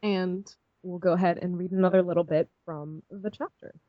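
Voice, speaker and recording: A woman's voice: fairly low pitch, fairly even intonation, moderate pace, no echo, muffled recording. A woman co-hosting a fanfic review, chatting casually in a giggly, rambling way full of "like". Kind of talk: casual chat.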